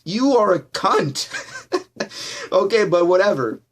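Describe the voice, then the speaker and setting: A man with a high-pitched voice rants straight at a commenter, heated and heavy with swearing. He keeps slipping into calmer asides that tell the audience it's all in fun, then winds himself back up. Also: normal speed. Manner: heated, profane, swinging between yelling and calm asides. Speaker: YouTuber answering a comment. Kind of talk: ranting response video.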